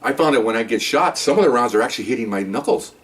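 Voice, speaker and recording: Brief: middle-aged male cop, rapid rambling anecdote, mic set back a bit. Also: mid-range voice, recorded from a distance. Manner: animated, acts out scenes with quoted voices; loose, rambling, frequent "okay?" and "you know". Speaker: police detective and supervisor. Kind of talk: casual storytelling.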